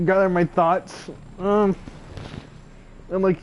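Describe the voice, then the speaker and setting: Telling personal stories for his channel, this young man rambles, hesitates, and keeps restarting with lots of fillers. His voice is a little high and moderately paced, recorded with lo-fi sound and a touch of background noise.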